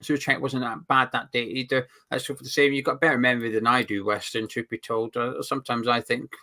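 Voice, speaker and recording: Bright-voiced man reading fan comments. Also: medium pitch, little pitch movement, fairly quick. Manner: rambling, reads out viewer names and comments. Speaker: fan channel co-host. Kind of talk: casual football fan chat reading viewer comments.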